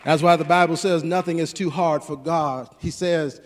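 A man with a high voice preaches to his congregation, calling back to them and climbing into fervent exhortation. His words ring through a church sanctuary with a long, lingering reverb. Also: steady tone, normal speed, some chatter behind. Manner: call-and-response preaching, rising to fervent exhortation. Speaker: pastor. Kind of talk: sermon.

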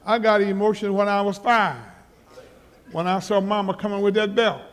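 A male pastor with a high-sitting voice and level tone preaches at a moderate pace, with a little hiss or hum on the recording. His sermon is emphatic and repetitive, climbing into loud exhortation, and it echoes with long reverb through a live church auditorium.

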